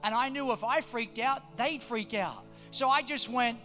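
A man, preaching a sermon, telling family stories and then building to loud exhortations. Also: extremely high pitch, lively intonation, measured pace, soft background music. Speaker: pastor.

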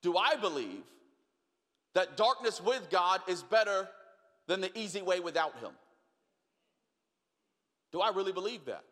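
Bright-voiced man preaching in a reverberant hall. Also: high-pitched, a little slow, pauses often. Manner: animated storyteller, acts out voices, drops to quiet questions. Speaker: pastor. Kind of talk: sermon with storytelling. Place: large church hall.

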